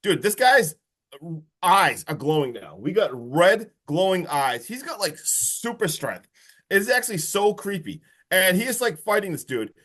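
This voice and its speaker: A man co-hosting a podcast, recapping a horror movie in an excitable, casual chat full of swearing and "like". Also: sits high, measured pace. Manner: excitable, swears freely, heavy use of "like". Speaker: podcast co-host.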